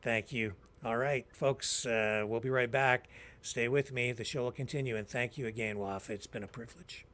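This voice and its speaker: A man's voice: medium pitch, moderate pace. A man hosting a live call-in talk show, chatting casually with guests and callers between breaks. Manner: relaxed, chatty, reads out phone number.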